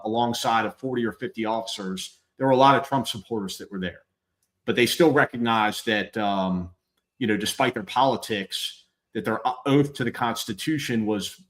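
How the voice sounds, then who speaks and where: A middle-aged man, a former police officer hosting a live show, talking candidly and bluntly with halting repeats and swearing. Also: lowish voice, a bit bright. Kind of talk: candid conversational chat.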